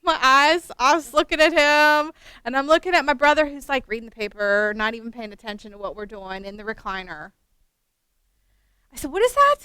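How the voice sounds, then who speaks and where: A middle-aged woman from West Virginia, a teacher trainer telling a story at a workshop, animated with self-mocking humor. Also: a little high, a little fast, clear, resonant tone, dry recording.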